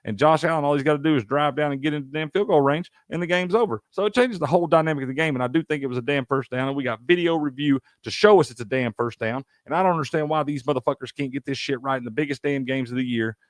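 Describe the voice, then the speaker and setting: Profane ranting sports host. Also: male voice, fairly high pitch, quick pace, few pauses, dry recording, studio quality. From Tennessee, US. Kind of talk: live-stream sports rant, reading chat.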